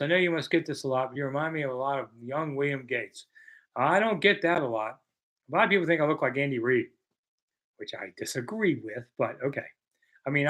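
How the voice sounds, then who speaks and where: A man's voice: medium pitch, a bit bright. A man in his sixties from the American South, hosting a casual live chat, reading viewer questions and answering with self-deprecating humor. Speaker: host.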